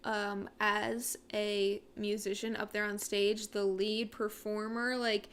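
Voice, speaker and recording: A woman's voice: mid-range voice, flat delivery, slow, fairly bright tone, smooth. A young woman co-hosting a casual talk show, speaking earnestly and with many fillers. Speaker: co-host. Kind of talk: casual chat.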